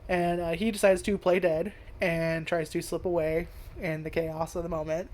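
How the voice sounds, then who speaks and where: A woman's voice: on the low side, flat delivery, normal speed, darkish tone. A woman reviewing an anime casually, rambling, swearing a lot and laughing often. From United States.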